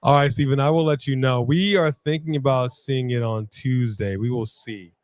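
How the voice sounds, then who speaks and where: A man's voice: mid-range voice, steady tone, normal speed, clean tone, dry recording. A man co-hosting a casual live stream, reading viewer comments and laughing often. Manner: laid-back, laughs often, repeats phrases. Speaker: co-host of a wrestling watch-along stream.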